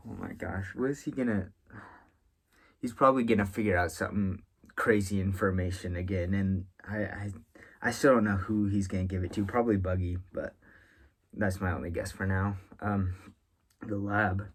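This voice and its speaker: A man's voice: low-pitched, steady tone, moderate pace, slightly rough. A man reading a manga chapter aloud as a reviewer, rambling and correcting himself as he reacts. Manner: rambling, musing aloud with frequent filler and self-correction.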